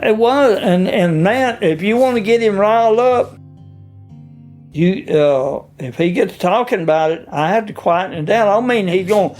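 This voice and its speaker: A man, telling stories in a casual interview in a rambling, halting, folksy way. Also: high-pitched, expressive, a little mellow, soft background music. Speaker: interviewee, stepfather.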